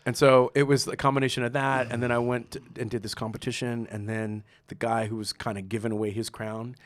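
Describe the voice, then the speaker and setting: A middle-aged man tells a long story as a podcast guest, relaxed and chatty. He acts out the voices of the people he quotes and breaks into laughter often. His pitch sits in the middle for a man. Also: dry recording. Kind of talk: casual storytelling interview.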